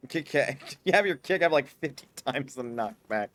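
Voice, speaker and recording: A man commentates his own game run in a casual, profane way. His voice sits at a middling pitch but leaps up and down a lot. He breaks into mock-grand proclamations and frustrated curses. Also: lively intonation, moderate pace, a bit bright. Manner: swears often, swings between mock-grand speeches and frustrated outbursts. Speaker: streamer.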